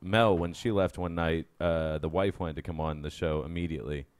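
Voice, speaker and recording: Hesitant deep-voiced man. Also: steady tone, moderate pace, no room sound. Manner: hesitant, starts with "um". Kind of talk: casual chat.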